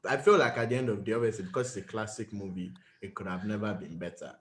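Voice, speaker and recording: A man's voice: lowish voice, fast, a bit bright. A man co-hosting a casual podcast, who talks emphatically and repeats himself to press a point. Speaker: podcast co-host. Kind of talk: casual chat. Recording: roomy echo.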